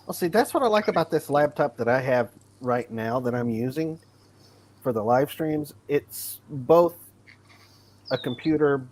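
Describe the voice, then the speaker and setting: A man who does live streams, speaking in a relaxed, plainspoken way on a casual panel. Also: medium pitch, measured pace. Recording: noisy home mic.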